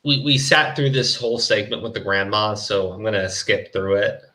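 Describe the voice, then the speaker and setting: A man's voice: on the low side, normal speed, bright, forceful tone, rough recording. A man co-hosting a stream, giving casual reaction commentary in a blunt, profane way with stammering restarts. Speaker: stream co-host.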